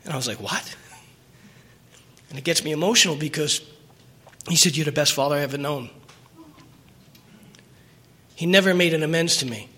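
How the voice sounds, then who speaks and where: Man, middle-aged, recovery meeting share, earnest and rambling, slightly high voice, bright tone. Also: fairly quick, pauses often, breathy edge. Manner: earnest, rambling, emotional retelling with restarts. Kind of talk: personal recovery story at a meeting.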